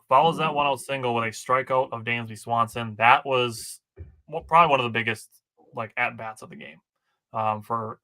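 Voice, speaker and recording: A man's voice: medium pitch, pushed and bright. A man co-hosting a casual sports podcast, working through game stats from his notes with dry asides. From Wisconsin. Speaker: podcast co-host.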